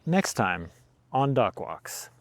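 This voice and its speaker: A man co-hosting a podcast outdoors in the cold, talking in a reflective, halting way. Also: medium pitch, very animated, a bit bright, no echo. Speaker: podcast co-host. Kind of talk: casual outdoor chat. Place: outdoors on a city street in winter.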